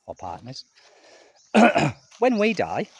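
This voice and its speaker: A man's voice: a little high, wildly swooping pitch, drawn-out words, breathy edge. A middle-aged man talking casually to camera in his garden, rambling and chatty, speaking to viewers as people. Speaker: expat vlogger. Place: outdoors in a home garden.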